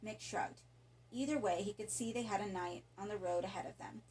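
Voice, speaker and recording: A woman reading a horror story aloud in a calm, even narration. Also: medium pitch, fairly quick, slight background noise, rough recording. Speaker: audiobook narrator.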